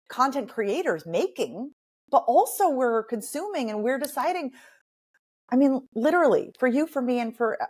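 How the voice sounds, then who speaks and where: A woman dialect coach and author talking as a guest in a podcast interview, animated and emphatic, with playful asides. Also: high voice.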